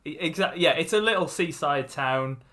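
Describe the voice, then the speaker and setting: A man's voice: a little high, expressive, normal speed, bright, forceful tone. A man co-hosting a podcast in casual chat. He hesitates often and adds light, joking asides. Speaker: podcast co-host.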